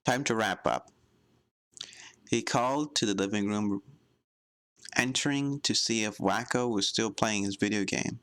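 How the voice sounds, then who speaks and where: A man reading fan fiction aloud in a plain, unhurried way, close to the mic. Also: lowish voice, fairly even intonation, fairly bright tone, clean tone, dry recording. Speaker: fanfic reader.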